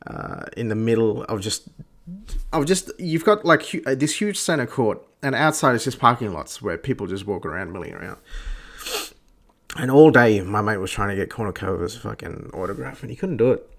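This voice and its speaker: A man's voice: lowish voice, animated, normal speed, vocal fry. A young Australian man ranting crudely and sarcastically on a casual podcast, cutting in with mocking voices. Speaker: podcast host. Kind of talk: casual rant.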